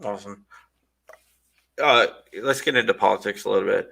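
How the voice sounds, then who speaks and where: A male host with a low-pitched, bright and forceful voice leads a casual interview. He jokes and makes sarcastic asides as he steers to the next question. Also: normal speed, gravelly, husky.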